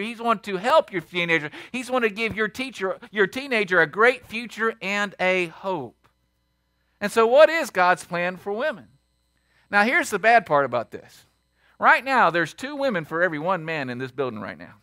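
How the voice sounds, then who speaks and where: A man preaching a sermon as pastor, emphatic and quick to throw questions at the congregation. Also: high-pitched, pushed and bright, dry recording, studio quality.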